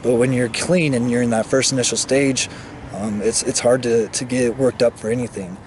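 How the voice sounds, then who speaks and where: Halting man vlogging outdoors in the cold. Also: medium pitch, fairly even intonation, slight background noise. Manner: halting, many restarts and fillers, earnest. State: shivering from cold. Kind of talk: casual monologue to camera.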